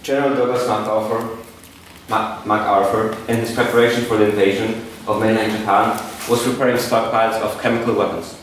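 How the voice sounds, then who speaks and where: A man with a lowish voice makes an earnest case in a formal debate, halting and restarting as he goes. He sounds distant, and the large chamber echoes heavily around him. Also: level tone, a little hiss or hum. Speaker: debate speaker. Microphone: far room mic. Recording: echoey hall from far off.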